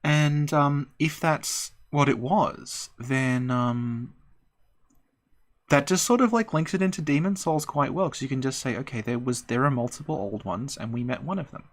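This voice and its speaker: A woman's voice: rumbling low, normal speed. A woman co-hosting a live stream, talking casually about game lore in a rambling, hesitant way with many fillers.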